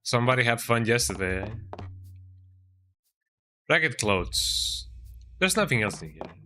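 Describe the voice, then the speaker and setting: A man's voice: medium pitch, sing-song, measured pace, sharp tone, a little hiss or hum. A man streaming a game, chatting and joking as he plays, reading in-game text aloud and ending lines with "eh?". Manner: chatty, jokey, tags lines with "eh?". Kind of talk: let's-play commentary.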